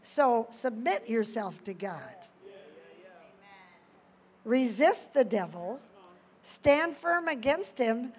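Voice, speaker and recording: A woman's voice: a little high, lively intonation, slow pace, long pauses. A woman giving an earnest Bible teaching, reading scripture aloud with her own asides. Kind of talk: sermon.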